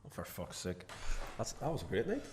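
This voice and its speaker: A man's voice: low voice, wildly swooping pitch, fairly quick, darkish tone, slight background noise. A young man, telling a long rambling story as a podcast co-host. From Northern Ireland. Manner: rambling, self-correcting storyteller. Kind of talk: casual chat, storytelling.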